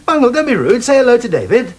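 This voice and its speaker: A man's voice: very high voice, big pitch swings, fast talker. A man presenting a children's show, coaxing and scolding in a parental way. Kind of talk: acted children's TV scene.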